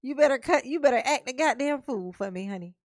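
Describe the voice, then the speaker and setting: Woman vlogger, high voice, dry close sound, profane laughing rants. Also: fast, no echo. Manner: profane, laughing, animated Southern-Black-vernacular delivery. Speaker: commentary vlogger. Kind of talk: casual ranting commentary.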